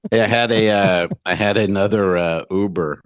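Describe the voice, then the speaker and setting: Low-voiced man telling a rambling story. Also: moderate pace, clear, resonant tone, no room sound. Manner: profane, storytelling, acts out both sides of dialogue. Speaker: podcast co-host. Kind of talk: casual comedic chat.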